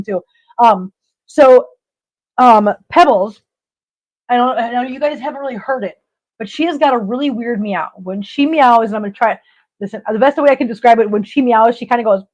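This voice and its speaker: On a dull, lo-fi stream, a middle-aged woman hosts a casual chat, spinning stories and often laughing. Her voice is fairly high, a little mellow, and slightly quick.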